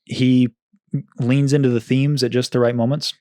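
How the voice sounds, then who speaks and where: A man's voice: mid-range voice, level tone, normal speed, warm tone, dry recording, studio quality. A man co-hosting a podcast, chatting casually about a film, thoughtful and careful to qualify his points. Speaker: podcast co-host.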